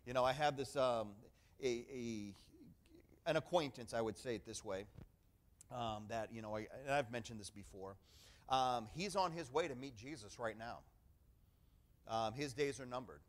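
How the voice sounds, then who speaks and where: A middle-aged male pastor delivers a sermon in an emphatic, conversational preaching style. His voice sits at an ordinary pitch for a man. He punctuates his points with calls of "amen" and repeated phrases. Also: normal speed, long pauses.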